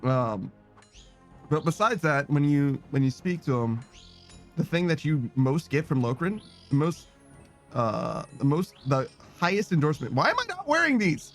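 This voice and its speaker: Higher-voiced man rambling to stream chat. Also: expressive, a little slow, faint music behind. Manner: rambling, swears often, laughs a lot, reads chat aloud. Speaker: game streamer. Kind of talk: casual livestream chat.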